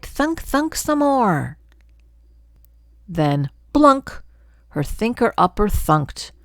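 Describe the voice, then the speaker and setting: Slow gravelly grandmother reading aloud. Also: on the low side, no echo, clean studio sound. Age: older. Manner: sing-song storybook reading. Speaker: storyteller. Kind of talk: children's read-aloud.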